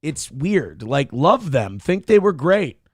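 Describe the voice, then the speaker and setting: A man hosting a morning show, chatting in a rambling, profane, animated way and reading out viewers' messages. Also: a little high, slow, husky, dry recording, studio quality. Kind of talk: casual livestream chat.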